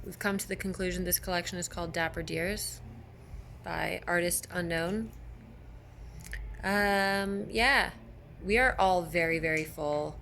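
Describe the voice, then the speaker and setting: A woman's voice: on the low side, fairly even intonation, measured pace, gravelly, pauses often, a bit bright, a little hiss or hum. A woman vlogger talking casually to camera, chatty and rambling. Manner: chatty, rambling, with restarts and laughs. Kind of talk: casual vlog chat to camera.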